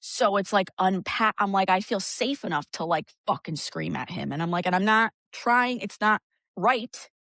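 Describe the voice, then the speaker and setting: A woman guest on a podcast, talking candidly with frank swearing and lively storytelling. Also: medium pitch, moderate pace, no room sound, studio quality. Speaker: guest, energy practitioner. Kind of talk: casual podcast conversation.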